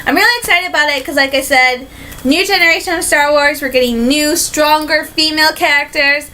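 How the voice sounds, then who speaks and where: A young woman from Michigan chats in a casual vlog, her voice high and bright. She rambles eagerly, with plenty of "um" and "like", and now and then drifts toward a put-on British accent. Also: a little fast, poor audio. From Michigan, USA. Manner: excitable, rambling, many fillers and likes, slips into a put-on British accent. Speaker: vlogger.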